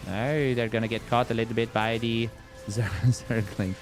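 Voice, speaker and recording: A man's voice: medium pitch, moderate pace, soft background music. Playful man casting a live match. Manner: playful, self-mocking, rambling asides. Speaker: esports caster. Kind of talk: live casual game commentary.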